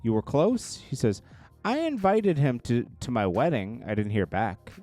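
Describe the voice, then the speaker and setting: A man reading court testimony aloud in a casual commentary style, in a low murmur broken by quick reactions. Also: very animated, dry recording, faint music behind. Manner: reads quotes in a low murmur, then reacts loudly with laughs.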